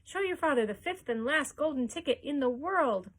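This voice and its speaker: A gleeful ninety-something grandfather, read aloud by a woman. He speaks softly and low in wonder, then whoops and cheers in a higher voice, storybook-style. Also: expressive, moderate pace. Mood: jubilant. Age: older. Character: very old grandfather, frail but gleeful.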